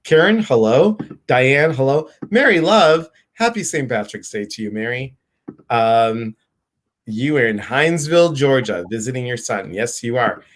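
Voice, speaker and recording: A man hosting a live stream, excitedly welcoming viewers by name in a casual, bubbly way. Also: medium pitch, a little slow.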